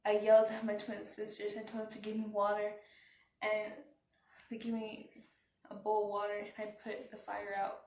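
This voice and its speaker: Flat-voiced woman in a roomy space. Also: mid-range voice. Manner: halting, subdued retelling with restarts. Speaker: vlogger. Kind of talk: personal storytime. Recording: roomy, from some distance off the mic.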